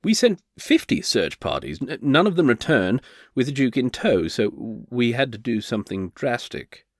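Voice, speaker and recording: A man's voice: medium pitch, big pitch swings, normal speed, no room sound, clean studio sound. A man voicing a flustered male bard turned reluctant duke, who stammers and hesitates nervously.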